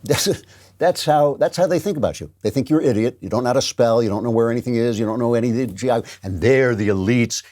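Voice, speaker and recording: A man's voice: medium pitch, darkish tone. A man hosting a political commentary show, sarcastic and emphatic, repeating his points. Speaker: host.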